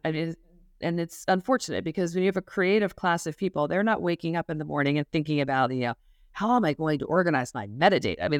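A woman's voice: sits low, no room sound, clean studio sound. A middle-aged woman, a music business professor, talking earnestly and thoughtfully in a podcast interview, with some restarts and fillers.

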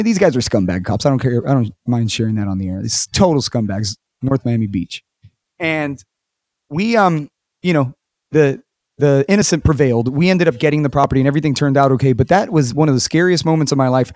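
Animated storytelling man, dry close sound. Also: medium pitch, fairly quick, no room sound. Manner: animated storyteller, acts out quotes, swears casually. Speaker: podcast host. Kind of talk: casual interview chat.

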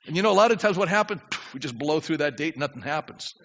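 An older man preaching a sermon as pastor, acting out prayers and swinging from quiet asides to shouts. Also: fast. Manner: animated preaching, acts out prayers, drops low then shouts. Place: church sanctuary. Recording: dull reverberant church recording.

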